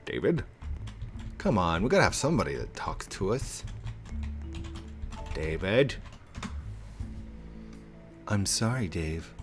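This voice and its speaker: A man giving chatty live commentary while playing an online game, talking to other players and getting excited when he finds someone. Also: low voice, slow, long pauses, soft background music. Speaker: gaming YouTuber.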